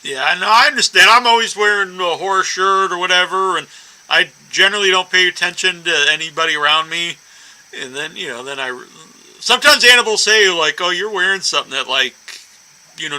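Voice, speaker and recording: A man's voice: sits high, pushed and bright, rough recording. A man hosting a horror podcast, telling stories in a loose, rambling way and laughing often. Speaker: podcast host. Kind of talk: casual chat.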